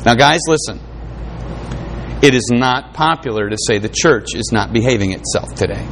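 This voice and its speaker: A man's voice: mid-range voice, normal speed. A man preaching a sermon, reading scripture aloud with fervent, rising and falling emphasis. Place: room with an audience.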